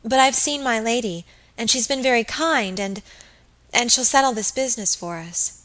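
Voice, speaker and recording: A woman reading an audiobook, voicing a timid, conciliatory young servant woman who speaks hesitantly and softly. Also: a little high, moderate pace, pitched above the performer's own voice, lightly acted. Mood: anxious. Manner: hesitant, soft, pleading.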